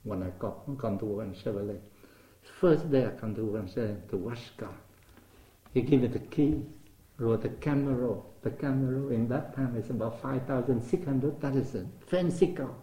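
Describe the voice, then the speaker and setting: An older man recounts his working life in an interview. His English is non-native, with simple grammar, and the delivery is lively. The voice is mellow and the room is echoey. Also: medium pitch, normal speed. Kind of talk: oral history storytelling.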